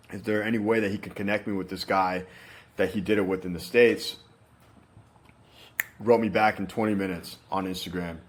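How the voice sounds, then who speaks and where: A young man telling his own story in a candid, casual way, swearing freely and filling his talk with "like" and "you know". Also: lowish voice. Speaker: interview guest.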